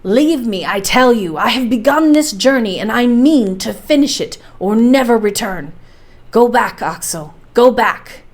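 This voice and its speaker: A woman voicing a stubborn, fearless older male professor in a storybook reading, speaking in a forceful, commanding way. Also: a little high, expressive. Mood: insistent. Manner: forceful and commanding, slowing to insist.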